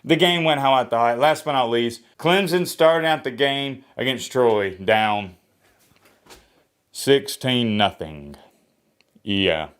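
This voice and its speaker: A man doing a solo sports reaction vlog. He talks in a blunt, opinionated way, with energetic swings in pitch and a slightly hoarse voice. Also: takes it slowly. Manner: opinionated, blunt trash talk. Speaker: sports vlogger. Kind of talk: solo college football reaction.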